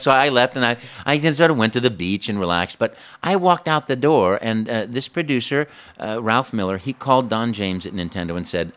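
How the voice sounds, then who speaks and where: A man, a voice actor, telling a story in an interview in an animated way, with frequent stammers and restarts. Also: fairly low pitch, brisk.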